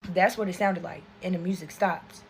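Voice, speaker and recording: A young woman telling a casual storytime while doing her makeup, animated and profane, talking straight to her viewers. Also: lowish voice, moderate pace, vocal fry, a little hiss or hum. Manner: animated, profane, chatty, addresses viewers as y'all. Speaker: storytime creator.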